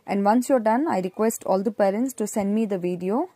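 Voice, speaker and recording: A woman teacher reading a children's poem aloud slowly and expressively, then explaining pronunciation and word meanings, slipping in Hindi-Urdu phrases. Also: medium pitch, no echo. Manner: slow, deliberate, expressive reading with careful correction of words.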